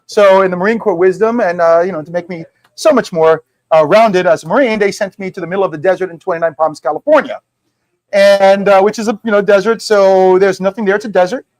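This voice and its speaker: Speaking quickly in a high-pitched voice, this middle-aged man founded a whisky brand and is spinning casual yarns at a live liquor-store tasting. He performs the characters and their quoted lines with lively flair. There's no echo, but the audio is poor.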